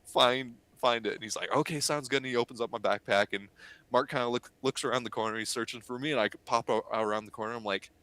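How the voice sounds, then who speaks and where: Male podcast guest, bright and eager, animated storyteller, dry close sound. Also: lowish voice, quick pace, no room sound. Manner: excitable, animated retelling with voiced quotes. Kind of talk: casual storytelling.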